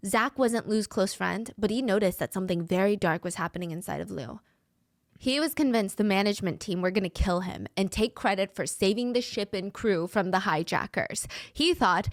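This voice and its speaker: A woman's voice: mid-range voice, normal speed, dry recording, clean studio sound. A woman telling a true crime story in a dramatic way, putting on voices for the people she quotes.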